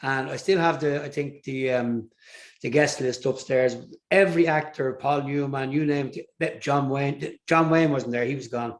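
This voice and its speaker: A man's voice: mid-range voice, moderate pace. Older irish guy, singer, rambling through stories with lots of uhs and restarts. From Ireland. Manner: rambling anecdotes with fillers and restarts. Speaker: interview guest, singer. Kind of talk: casual storytelling interview.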